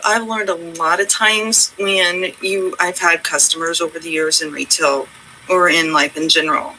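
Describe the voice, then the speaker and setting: A woman's voice: low voice, bright, forceful tone, a little hiss or hum, low-quality recording. A woman hosting her own channel, chatting casually and earnestly to her viewers in a rambling, reassuring way. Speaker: channel host. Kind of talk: casual heartfelt chat to viewers.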